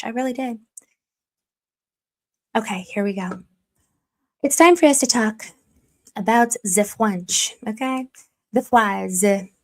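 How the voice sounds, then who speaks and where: Chatty woman hosting a live stream. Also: fairly high pitch. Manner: chatty and self-deprecating, reads chat aloud, slips into mock stern warnings. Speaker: livestream commentary host. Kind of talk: casual live-stream chat.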